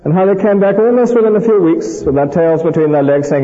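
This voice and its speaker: Male preacher, emphatic storyteller with dry wit; warm dark tone, long church reverb. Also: high-pitched, fast, few pauses, muffled recording. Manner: emphatic, anecdotal with dry humorous asides. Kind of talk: sermon. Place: church pulpit.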